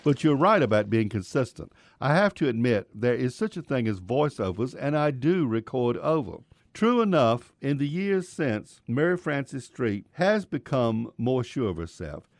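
A man's voice: medium pitch, sing-song, measured pace, few pauses, darkish tone, dry recording. A man giving a scripted radio commentary on an actress, telling a wry story about meeting her. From Virginia, US. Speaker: radio film critic.

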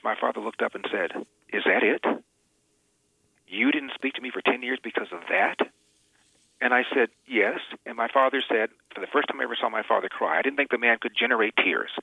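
A man's voice: medium pitch, lively intonation, a little fast, gravelly, bright, forceful tone, no echo. A man as an interview guest, telling a personal family story in an earnest, emphatic way. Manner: earnest, emphatic, repeats words when moved. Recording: tinny phone line.

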